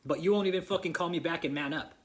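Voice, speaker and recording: A vlogger exposing a church rants angrily and profanely straight into the camera. His voice sits on the high side and is a bit bright, and he talks fast, repeating himself and confronting someone by name.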